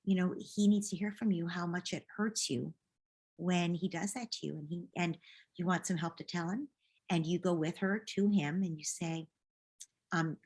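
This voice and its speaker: A woman answering a parent's question as a parenting coach, gently modeling what to say to children. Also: fairly low pitch, steady tone, normal speed, breathy edge. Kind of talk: advice in a live Q&A.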